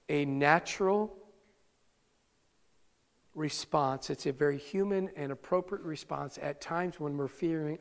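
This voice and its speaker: A man preaching a sermon as pastor, earnest and conversational, talking straight to his congregation. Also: on the high side. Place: church sanctuary. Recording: long reverb of a large hall.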